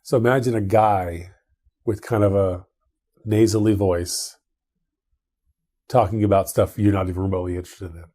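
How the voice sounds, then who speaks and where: Dark husky-voiced man, rambling tech chat. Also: low voice, steady tone, normal speed, long pauses. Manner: rambling, many restarts and fillers. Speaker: podcast co-host.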